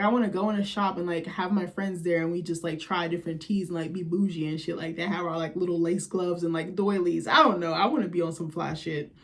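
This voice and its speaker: A young woman casually recapping a reality show, blunt and profane, acting out the quotes she retells. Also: lowish voice.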